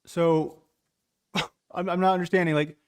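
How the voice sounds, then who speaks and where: A man's voice: high-pitched, flat delivery, unhurried, darkish tone, clean tone, no echo, studio quality. A man co-hosting a podcast who defends himself in a heated argument, hesitating with fillers before pushing back.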